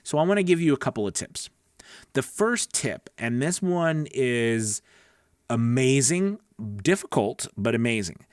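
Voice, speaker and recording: A man's voice: medium pitch, animated, measured pace, dry recording, clean studio sound. A man coaching voice actors in a casual, earnest teaching talk, chatty and often checking in with "right?". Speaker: voice-over coach.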